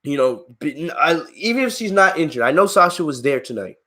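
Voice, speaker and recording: A man's voice: fairly high pitch, very animated, fairly quick, sharp tone. A man hosting a live-stream wrestling review, ranting in an exasperated, heated way at viewers in his chat, swearing freely and laughing at them. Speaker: wrestling channel host.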